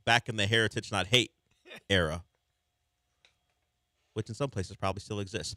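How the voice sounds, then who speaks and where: A man hosting sports talk radio, wry and animated, teasing his callers. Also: lowish voice, normal speed, long pauses, dry recording, studio quality.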